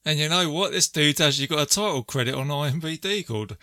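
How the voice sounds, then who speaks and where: Man, bright voice, dry close sound, chatty movie recap, quotes lines and laughs. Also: on the high side, animated, fast, no echo. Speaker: podcast co-host. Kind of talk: casual movie recap chat.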